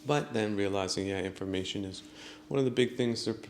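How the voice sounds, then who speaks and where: A man's voice: on the low side, fairly quick, a little hiss or hum. A man hosting a solo podcast, rambling through his thoughts with many fillers and chuckling at his own jokes. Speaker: podcast host.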